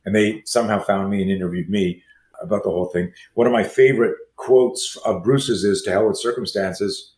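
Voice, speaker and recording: A man's voice: lowish voice, brisk, slight background noise. A middle-aged man, a martial arts instructor, telling a long personal story in conversation and acting out the voices and screams in it. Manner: animated, acts out voices and screams in his stories. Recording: roomy echo with faint ambience.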